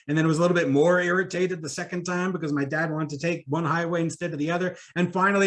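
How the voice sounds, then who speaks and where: A man speaking at a conference about public speaking, conversational and animated, with fillers and quick laughs. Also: fairly high pitch. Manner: animated, demonstrates voice exercises aloud.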